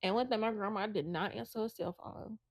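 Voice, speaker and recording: A woman's voice: mid-range voice, a little fast, no echo. A woman who co-hosts a podcast, telling an emotional personal story and acting out the voices of her relatives. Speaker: podcast co-host.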